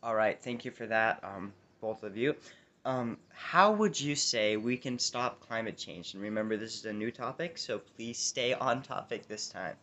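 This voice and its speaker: A man's voice: fairly low pitch, animated, moderate pace, fairly bright tone. A man playing a debate moderator, asking questions plainly with hesitant "um"s. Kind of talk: comedic sketch.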